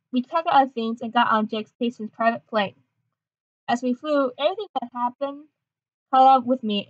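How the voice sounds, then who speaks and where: A woman's voice: a little high, no room sound. A woman narrating a story game and adding self-mocking asides, on a dull lo-fi recording. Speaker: YouTuber reading a story game.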